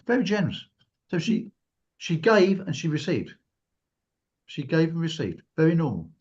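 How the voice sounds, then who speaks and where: A man with a husky, somewhat high voice tells a personal story, his pitch swinging widely as he acts out scenes. The recording is dull and lo-fi. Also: normal speed. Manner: animated, acts out quotes in a raised voice. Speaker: guest speaker. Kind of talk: storytelling in a talk.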